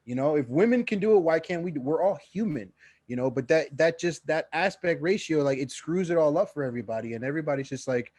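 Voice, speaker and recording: A man's voice: on the high side, lively intonation, fast, a little mellow, no echo. A young man co-hosting a casual podcast, rambling with frequent restarts and swearing. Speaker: podcast co-host.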